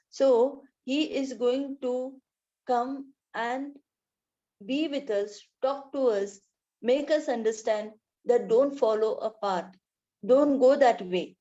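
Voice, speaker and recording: A woman's voice: fairly high pitch, warm tone, highs cut off. Earnest woman preaching from India. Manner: earnest, repeats phrases, quotes scripture. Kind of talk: sermon.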